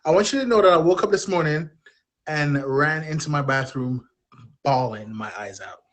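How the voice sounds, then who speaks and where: A man's voice: on the high side, animated, moderate pace. A man, a podcast guest speaking openly and in a rambling, self-deprecating way. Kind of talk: candid personal storytelling.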